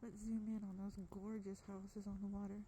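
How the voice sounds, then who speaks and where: A woman's voice: mid-range voice, level tone, fairly quick, mellow, slight background noise. A woman narrating a casual hiking vlog in a gushing, enthusiastic way, recorded on a handheld phone on an outdoor forest trail. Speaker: vlogger.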